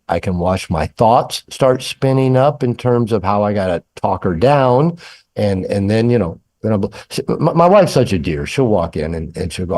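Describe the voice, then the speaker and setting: A man's voice: lowish voice, darkish tone. An older man, an author and therapist, telling candid personal stories in a podcast interview, acting out dialogue with self-deprecating humor. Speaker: author and psychotherapist guest.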